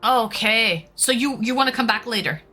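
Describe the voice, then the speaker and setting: A woman's voice: on the high side, normal speed, bright, forceful tone. A woman from Liverpool hosting a casual livestream, chatting and greeting viewers by name. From Liverpool, England. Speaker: livestream host. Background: faint background music.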